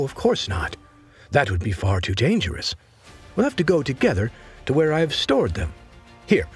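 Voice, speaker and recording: A man voicing a calm, sly teenage boy trader with an easygoing, smooth-talking manner. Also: mid-range voice, exaggerated voice.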